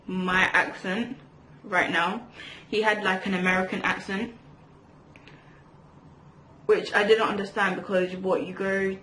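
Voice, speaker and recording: A woman's voice: mid-range voice, sharp tone. Chatty young woman, echoey room. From England. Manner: chatty, rambling, lots of fillers and restarts. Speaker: vlogger. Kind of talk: storytime chat while doing makeup. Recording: echoey room with faint hiss.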